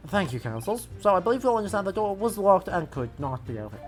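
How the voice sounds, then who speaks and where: A woman's voice: mid-range voice, big pitch swings, fast, a little mellow, faint music behind, natural voice. A woman voicing a stern male judge who talks in a formal, grave manner.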